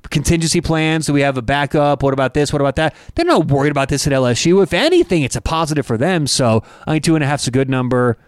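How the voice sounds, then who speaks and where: A man's voice: a little high, quick pace, few pauses, clean tone, no room sound, studio quality. A man co-hosting a casual sports betting podcast, talking animatedly and joking around. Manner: animated, jokey, breaks into put-on accents. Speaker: co-host.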